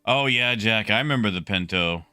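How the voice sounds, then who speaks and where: A young man casually chatting with his stream viewers, relaxed and talkative, greeting people by name. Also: lowish voice, moderate pace, smooth, no echo, studio quality, faint music behind. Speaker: livestreamer.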